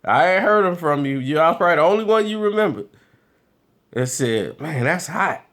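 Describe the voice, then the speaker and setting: A man vlogging, telling casual stories in an animated, loose way with frequent laughs. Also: a little high, fairly quick. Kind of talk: casual storytelling.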